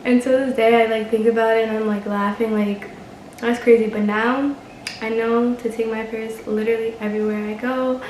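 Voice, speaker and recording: A woman's voice: on the high side, fairly even intonation, moderate pace, darkish tone, echoey room, a little hiss or hum, low-quality recording. Chatty young woman telling a story. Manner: chatty, exasperated, swears, laughs often. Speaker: vlogger. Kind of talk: casual story time.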